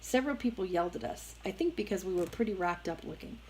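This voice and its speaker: Low-voiced woman reading a novel aloud. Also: animated, quick pace, darkish tone, slight background noise, poor audio. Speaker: reader.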